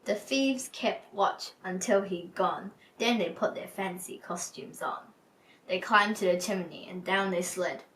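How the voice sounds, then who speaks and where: A woman hosting a book club episode, reading a children's picture book aloud in a gentle storytelling manner. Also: medium pitch, unhurried, distant mic, rough recording. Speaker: storybook reader.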